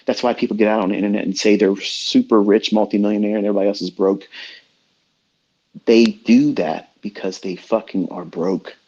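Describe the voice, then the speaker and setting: A man's voice: fairly low pitch, fairly even intonation, a little fast, warm tone, slightly rough. A middle-aged man talking as a trading mentor in a blunt, profane, preachy rant. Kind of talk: unscripted rant. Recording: dull lo-fi audio.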